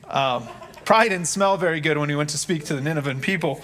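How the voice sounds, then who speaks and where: A man's voice: high-pitched, lively intonation, fast, fairly bright tone. A man preaching a sermon in an earnest, conversational way, acting out quotes from scripture. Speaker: pastor.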